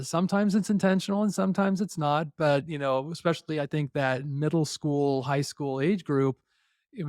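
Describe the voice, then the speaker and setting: A middle-aged man with a slightly high, slightly mellow voice is a podcast guest in a conversational interview, recorded with clean studio sound and no echo. He tells personal stories reflectively, with hesitant fillers.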